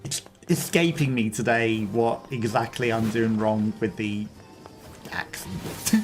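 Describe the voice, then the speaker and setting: A man's voice: medium pitch, very animated, slow pace, soft background music. A man casually chatting on a game livestream, rambling and chuckling often between remarks. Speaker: game streamer.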